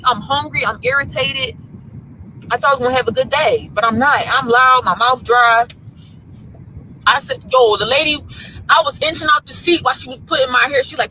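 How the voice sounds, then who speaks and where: High, bright-voiced furious woman ranting. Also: a little fast, a little hiss or hum, low-quality recording. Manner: profane, heated, repetitive complaining. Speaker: salon customer. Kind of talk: angry vlog rant.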